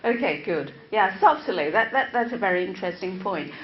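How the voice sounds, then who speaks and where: A woman's voice: mid-range voice, expressive. A woman professor whose first language is Chinese gives a classroom lecture to teachers, often repeating words and checking in with "right?". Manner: slow, deliberate, interactive with the audience. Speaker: English teacher-educator, professor. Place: lecture room. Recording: echoey, slightly dull room recording with faint noise.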